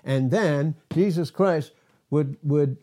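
A man's voice: on the high side, slow pace, warm tone. An older man teaching a casual sermon as a pastor, often chuckling and making self-deprecating asides. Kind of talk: informal Bible teaching sermon.

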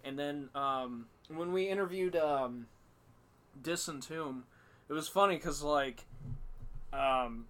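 A man's voice: on the high side, takes it slowly, long pauses, a bit bright. A man hosts a podcast in an easygoing storytelling chat. His delivery rambles, is full of fillers and restarts, and is peppered with profanity. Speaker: podcast host.

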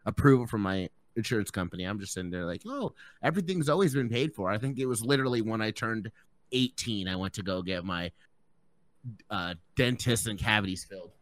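A man's voice: on the low side, brisk, fairly bright tone, no room sound. A young man chatting on a podcast, telling a story with lots of swearing and acting out what others said. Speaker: podcast co-host. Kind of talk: casual chat.

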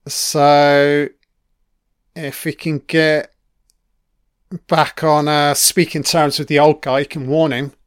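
A man talks over an episode in loose, sweary commentary, reacting to each scene as it plays. His voice sits a little high and clear, with a slow, easy delivery. The recording is close and dry. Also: little pitch movement, no room sound. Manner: sweary, chatty, reacting to the screen. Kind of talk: casual film commentary.

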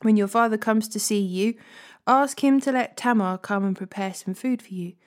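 A woman's voice: medium pitch, moderate pace, natural voice. Woman reading as a crafty young man. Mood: sly. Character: crafty young male cousin giving sly advice.

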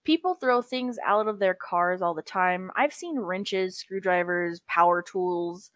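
A woman's voice: on the low side, measured pace, a bit bright, dry recording. A woman co-hosting a podcast in casual chat, talkative and profane, calling everyone girl. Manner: chatty, swears freely, calls everyone girl. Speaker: podcast co-host.

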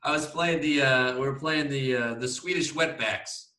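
Heard through a distant mic in an echoey room, this young podcast co-host has a medium-pitched, bright, forceful voice at a moderate pace. He chats casually, rambling through a story with laughter and swearing.

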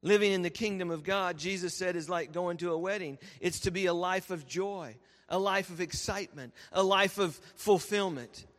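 High-voiced pastor preaching. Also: male voice, moderate pace, hardly any pauses. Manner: lively storytelling with laughs. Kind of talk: sermon. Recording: reverberant church hall.

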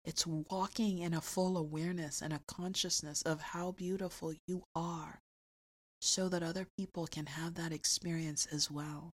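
A woman hosting an inspirational podcast, talking emphatically and repeating phrases slowly for effect. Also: fairly low pitch, steady tone. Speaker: podcast host.

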